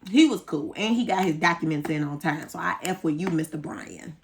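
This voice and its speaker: A woman co-hosting a podcast, telling stories in a lively, laughing way. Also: low voice, fairly quick, slight background noise. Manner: animated, laughing storyteller. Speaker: podcast co-host. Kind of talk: casual chat, storytelling.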